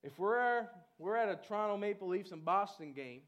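A man with a strikingly high voice preaching a lively sermon. He talks in a loose, chatty way, full of fillers, and then breaks into exuberant shouted calls to his congregation. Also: normal speed, noisy background. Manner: chatty storytelling with many fillers. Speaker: pastor.

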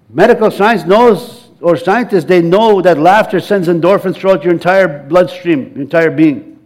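A middle-aged man preaching a sermon, animated and laughing often, repeating and restarting his phrases as he leads the congregation. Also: sits high.

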